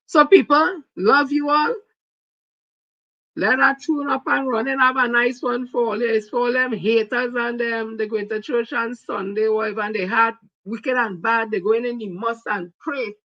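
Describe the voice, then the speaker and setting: A woman with a Trinidadian accent giving emphatic, repetitive political commentary on a live stream, sometimes rising to shouts. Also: on the high side, fairly even intonation, moderate pace, hardly any pauses, no room sound, muffled recording.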